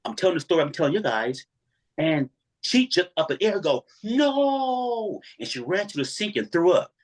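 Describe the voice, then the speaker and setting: A man's voice: on the high side, fast, slightly rough. A man telling a dramatic personal story as an interview guest, acting out each voice in it. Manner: animated, acts out every voice in his story.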